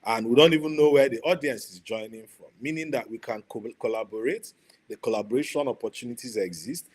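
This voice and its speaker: A man, speaking as a guest on an online panel over a video call, measured and pausing with fillers. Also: mid-range voice. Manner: measured, many fillers and restarts.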